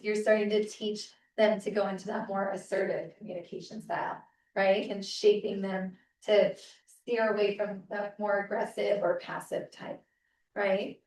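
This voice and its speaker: A woman's voice: mid-range voice, fairly even intonation, unhurried. A woman presenting a parent seminar in a casual, conversational way, checking in often with the audience. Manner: casual, checks in with frequent "right?". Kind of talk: conversational teaching talk. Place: seminar room. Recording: roomy, distant mic.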